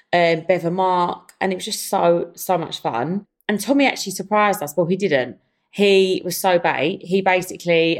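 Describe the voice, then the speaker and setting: Chatty woman podcast host. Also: lowish voice. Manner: animated, storytelling, addresses listeners as guys. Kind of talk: casual chatty monologue.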